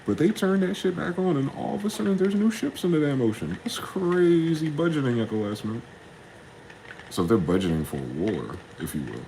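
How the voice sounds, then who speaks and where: A young man, ranting in a casual, profane solo monologue, jumping from heated questions to low muttering. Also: animated, brisk, vocal fry, dark tone, a little hiss or hum, low-quality recording. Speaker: podcast host.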